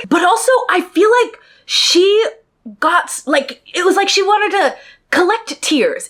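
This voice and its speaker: A woman telling a personal story to her viewers in a casual, animated way, exasperated and laughing often. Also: high-pitched. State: emotionally worked up. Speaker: storytime vlogger.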